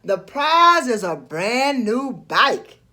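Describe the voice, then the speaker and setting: A rich old cartoon duck talks in a brisk, boastful way, read by a woman voicing a storybook. The voice is high and lively. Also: exaggerated voice.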